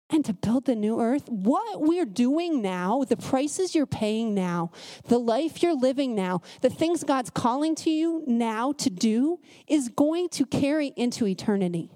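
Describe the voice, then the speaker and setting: A woman preacher giving a conversational sermon, telling stories in an animated way with a pace that speeds up and slows down. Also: sits high. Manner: animated storytelling, shifting pace.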